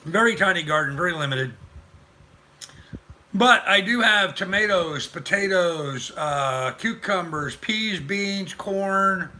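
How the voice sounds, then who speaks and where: Older male host, rambling live chat, very bright voice, pitched a bit high. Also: lively intonation, slow pace. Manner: rambling, chatty, greets viewers. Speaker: livestream host. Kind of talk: casual live-stream chat.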